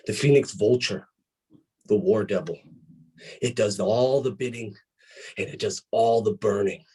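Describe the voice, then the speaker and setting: A man delivering a wrestling promo as a menacing, brooding villain character, with slow threatening phrasing. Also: fairly low pitch, breathy edge, far from the mic, voice pushed down, low-quality recording. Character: menacing dark wrestling villain, doom-laden.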